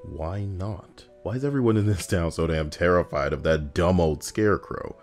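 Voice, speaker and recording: A man's voice: low voice, moderate pace, a little mellow, soft background music, close to an everyday voice. A man voicing a defiant, hot-tempered teenage farm boy in a horror story. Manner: sulky, defiant.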